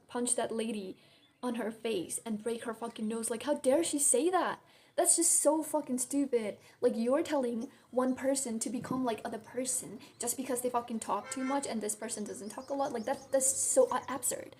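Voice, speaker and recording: A woman's voice: on the high side, moderate pace, mellow. A young adult woman vlogging in a casual venting monologue, blunt and full of swearing and "like" fillers. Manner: blunt, swears a lot, heavy use of "like".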